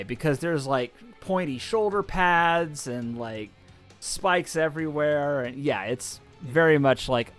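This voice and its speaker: A man narrating as game master of a tabletop game, halting with many ums and restarts. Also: a little high, animated, faint music behind.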